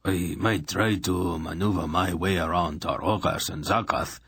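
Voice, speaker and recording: A man voicing an excitable, plaintive male king in an audiobook, protesting and quick to shout. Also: sits low, husky, no echo, heavily acted. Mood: agitated.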